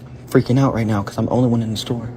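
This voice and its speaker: A man's voice: mid-range voice, steady tone, very fast, noisy background. A frightened young man, a night shift store clerk, filming himself on his phone inside a small shop, swearing and calling everyone bro. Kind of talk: self-filmed phone video. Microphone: handheld phone.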